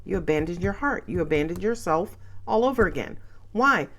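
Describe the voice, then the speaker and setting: A woman giving a casual tarot reading to camera, chatty and excitable, swearing freely and laughing often. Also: fairly low pitch, fairly quick. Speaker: tarot reader.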